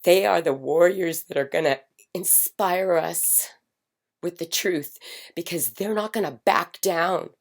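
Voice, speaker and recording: A middle-aged woman speaking in a passionate personal monologue, emphatic and repetitive, swinging from loud declarations to hushed whispers. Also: on the low side, unhurried. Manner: fervent, repetitive chanting phrases. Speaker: spiritual commentator.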